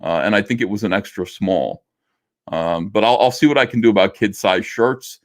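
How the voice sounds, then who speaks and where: A middle-aged man with a fairly low voice chats on a livestream, answering viewers in a loose, joking, self-deprecating way. His talk is full of fillers and restarts, and he drifts between asides. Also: normal speed. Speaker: livestream host reading super chats. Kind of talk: casual livestream chat.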